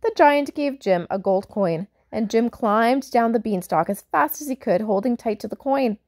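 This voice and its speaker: A woman's voice: fairly high pitch, lively intonation, normal speed. Woman reading a children's story aloud. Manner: warm, explaining asides to young listeners.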